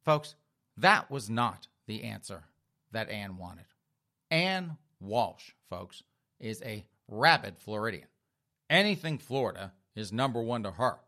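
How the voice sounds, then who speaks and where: Bright, animated male comic storyteller. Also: lowish voice, takes it slowly. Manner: sardonic, addressing listeners as folks. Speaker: comedic storyteller. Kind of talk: comedic storytelling.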